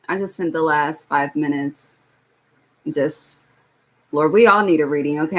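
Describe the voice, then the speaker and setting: A woman's voice: low voice, fairly bright tone. A young woman giving a casual live-stream tarot reading, blunt and swearing freely, often checking in with "okay?". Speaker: tarot reader.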